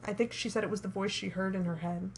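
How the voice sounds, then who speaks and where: A woman's voice: medium pitch, steady tone, quick pace, husky. A young woman co-hosting a podcast, chatty and teasing, laughing often. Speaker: podcast co-host. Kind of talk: casual chat.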